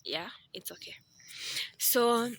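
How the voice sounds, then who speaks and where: A chatty woman vlogger talks straight to her viewers in a casual, animated way. Her voice is bright and forward, and she mixes playful asides into her talk. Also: a little high, slow, creaky. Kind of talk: casual vlog talk to camera.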